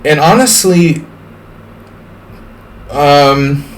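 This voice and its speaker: Slow-talking male chess streamer. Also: on the high side. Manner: chatty, rambling. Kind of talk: casual chess commentary.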